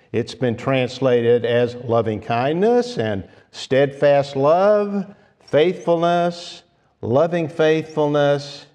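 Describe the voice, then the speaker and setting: A man delivering a sermon at an unhurried pace, often stopping to rephrase. His voice is dark and mellow. The sound carries the long reverb of a church sanctuary. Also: medium pitch. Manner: slow, deliberate, with restarts and fillers. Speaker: preacher.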